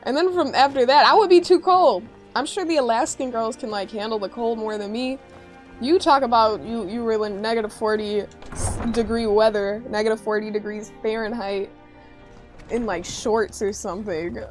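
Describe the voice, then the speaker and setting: Chicago gal chatting while gaming, giggly, rambles, kinda high voice. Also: female voice, steady tone, normal speed, faint music behind, low-quality recording. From Chicago area, USA. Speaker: game streamer. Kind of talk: casual chat while playing a game.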